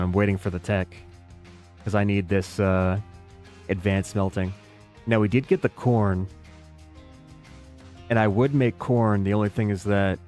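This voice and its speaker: Casual American male streamer, lowish voice, rambling and self-mocking chat with viewers. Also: a little mellow. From United States. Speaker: game streamer. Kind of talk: casual live-stream chat while playing.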